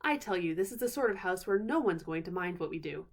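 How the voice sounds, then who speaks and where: A woman voicing an eager, confident older schoolboy who reassures his siblings briskly. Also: lowish voice, lively intonation. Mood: reassuring.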